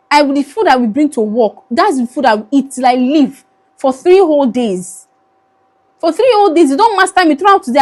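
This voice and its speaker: A woman's voice: sits high, darkish tone. A young Nigerian woman with a Nigerian accent, pleading wearily into her phone camera in an emotional vlog, slipping into Pidgin now and then. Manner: pleading, weary, switches into Pidgin. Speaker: vlogger.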